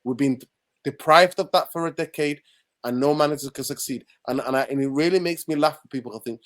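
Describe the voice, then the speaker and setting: A man's voice: fairly high pitch, normal speed. A man from Manchester, ranting passionately about football as a podcast guest. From Manchester, England. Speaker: podcast guest and channel host. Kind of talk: heated football podcast discussion.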